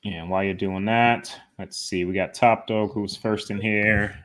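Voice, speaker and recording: A man's voice: fairly low pitch, steady tone, normal speed, fairly bright tone, no room sound. A man co-hosting a casual livestream, laid back and laughing often as he reads out names from the chat. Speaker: livestream co-host.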